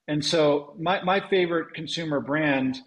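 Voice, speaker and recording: A man, a venture investor, answering interview questions in a halting, thoughtful way with many ums and restarts. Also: fairly high pitch, rough recording.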